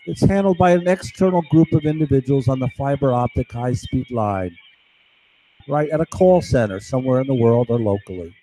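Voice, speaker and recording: A man's voice: medium pitch, normal speed, warm tone, poor audio. Rambling, conspiratorial male vlogger. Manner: rambling, conspiratorial, acts out voices. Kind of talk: rambling monologue to camera.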